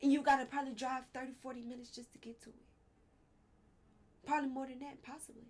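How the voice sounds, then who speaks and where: A woman's voice: high voice, little pitch movement, quick pace, a little hiss or hum. A woman vlogger giving casual political commentary, candid and heated, swearing and drifting into personal asides.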